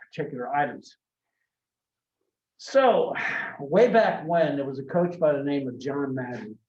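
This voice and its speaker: Lecturing on marketing to college students, a man with a medium-pitched, slightly mellow voice talks conversationally, telling anecdotes and often restarting. The distant mic yields a dull, echoey classroom recording.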